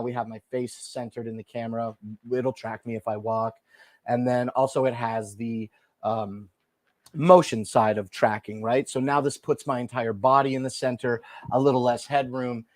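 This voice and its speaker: Relaxed chatty man on a lapel mic. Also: mid-range voice, dry recording. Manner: chatty, rambling, talks straight to viewers; speaking softly and relaxed instead of his usual loud delivery. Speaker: live shopping stream host. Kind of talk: casual live-stream product demo. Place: indoor room, moving around on camera. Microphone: wireless lapel mic.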